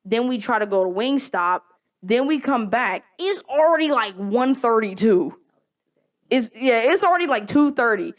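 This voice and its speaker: Young woman podcast host, slightly high voice, rambling storyteller who swears a lot and laughs. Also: moderate pace. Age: young adult. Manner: animated storytelling, heavy profanity, laughing often. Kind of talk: casual chat.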